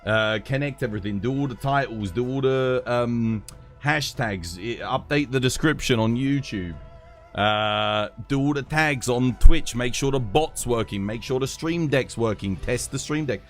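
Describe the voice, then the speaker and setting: A man's voice: mid-range voice, moderate pace, faint music behind. A British man hosting his own live stream, chatting casually, laughing and swearing freely from his home streaming setup.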